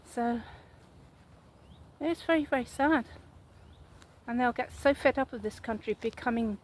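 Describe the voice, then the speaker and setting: A woman's voice: fairly high pitch, unhurried, a little mellow, a little hiss or hum, low-quality recording. A woman, talking casually to her viewers in a rambling, chatty vlog monologue and putting questions to them. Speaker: vlogger.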